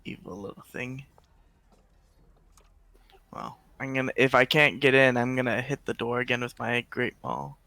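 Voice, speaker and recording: A man's voice: medium pitch, lively intonation, moderate pace, pauses often, sharp tone, no room sound. A man playing a tabletop game, blunt and joking. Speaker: player. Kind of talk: casual tabletop play.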